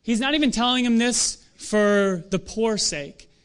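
A young adult man preaching a sermon in a conversational, animated way, with self-deprecating asides. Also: very high voice, unhurried, smooth. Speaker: pastor.

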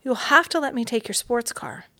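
A woman's voice: a little high, expressive, normal speed, bright, forceful tone, no room sound. A woman voicing a plucky young male mouse who talks in an urgent, coaxing way.

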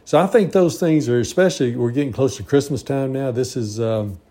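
A man's voice: mid-range voice, brisk, dark tone. A man in his sixties giving an earnest, rambling reflective monologue with frequent restarts. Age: 60s.

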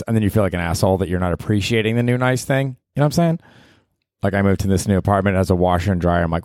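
Deep-voiced, self-mocking man in his 40s rambling through a profane solo podcast in a dry room. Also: fast, darkish tone, clean tone, no echo. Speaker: podcast host. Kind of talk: casual solo podcast monologue. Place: apartment.

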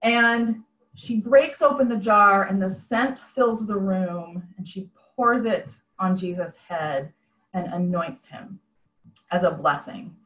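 A woman's voice: mid-range voice, takes it slowly, fairly bright tone, roomy sound, low-quality recording. A woman preaching a conversational sermon over a video call, retelling a story in a plain-spoken, reflective way.

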